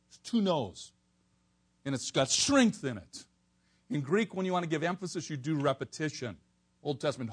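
In a slightly rough, somewhat high voice, a man delivers an expository sermon at a moderate pace, shifting animatedly between quiet asides and near shouts for emphasis before the congregation.

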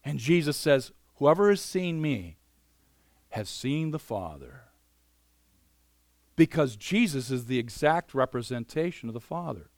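Animated male preacher, dry close sound. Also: mid-range voice, measured pace, pauses often, dry recording. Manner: animated, swings between loud emphasis and quiet asides; conversational, many "you know" fillers. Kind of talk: sermon.

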